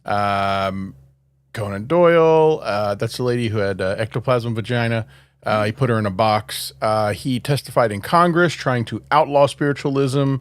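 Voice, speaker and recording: Man, podcast co-host, casual rambling chat, giggly, middle pitch, very dry recording. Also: normal speed, smooth, no room sound. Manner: rambling, filler-heavy, laughs often.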